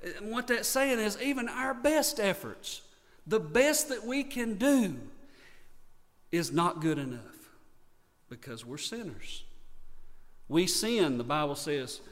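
A man's voice: high-pitched, expressive, slow, pauses often, long reverb tail. A man from North Carolina with a Southern accent, preaching a sermon earnestly and repeating key points for emphasis. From North Carolina, USA. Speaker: pastor.

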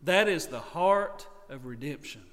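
High-voiced Southern man preaching. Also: expressive, a little slow, fairly bright tone, long reverb tail. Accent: North Carolina Southern. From North Carolina, USA. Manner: earnest preaching with emphatic repetition. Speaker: pastor. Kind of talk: sermon.

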